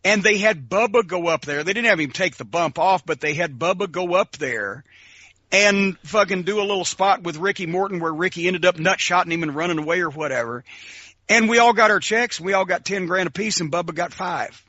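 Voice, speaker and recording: A man with a high, bright voice tells a story in casual chat, swearing freely and acting out the lines of the people in it. His delivery is lively and animated. The recording sounds dull and lo-fi. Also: fairly quick, no room sound. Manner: animated, profane storyteller who acts out quotes. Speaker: podcast co-host.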